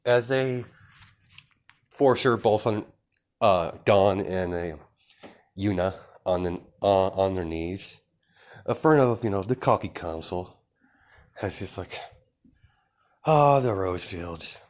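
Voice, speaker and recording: A man's voice: sits low, slow pace, pauses often. A man improvising a fan-fiction story, narrating hesitantly with many fillers and restarts.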